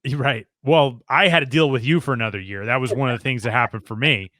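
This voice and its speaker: A man's voice: mid-range voice, fast talker, bright, forceful tone, no room sound, studio quality. A man hosting a podcast in casual, friendly chat with a joking edge. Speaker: podcast host.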